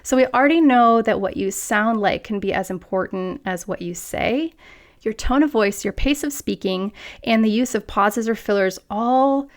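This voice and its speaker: A woman hosting a solo podcast, coaching listeners directly on confident speaking with lively, playful asides. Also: on the high side, normal speed. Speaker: podcast host. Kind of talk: scripted solo podcast talk.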